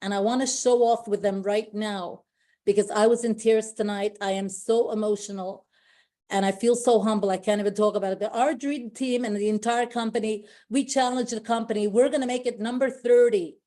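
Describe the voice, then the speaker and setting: A woman's voice: medium pitch, steady tone, a little fast, mellow. A woman giving an emotional, effusive motivational speech to her company team on a call, often repeating herself and restarting sentences.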